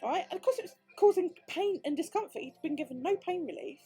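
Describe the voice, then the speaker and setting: A British woman, a crafting vlogger with a British English accent, tells a story in casual chat, swearing freely and acting out the quoted dialogue. Her very high-pitched voice is expressive, fast and dark in tone, with soft background music behind her.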